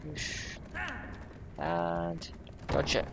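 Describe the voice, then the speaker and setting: Gravelly, swearing man gaming. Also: fairly high pitch, animated, moderate pace, pauses often, background noise. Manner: swears a lot, yells at the game. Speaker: let's play gamer. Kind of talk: casual gameplay commentary.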